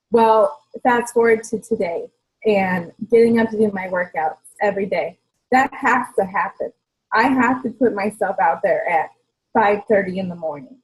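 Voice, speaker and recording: Husky, earnest woman sharing her story. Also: mid-range voice, darkish tone, low-quality recording. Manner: earnest and halting, with many ums. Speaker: team member on a coaching call. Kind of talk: personal testimony on a group call.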